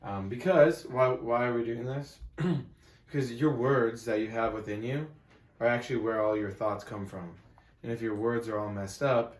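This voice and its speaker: Speaking in a roomy space with a voice on the low side, a self-help coach addresses the camera from a whiteboard room. He's relaxed yet emphatic, chatting conversationally and often pausing to check in with the listener.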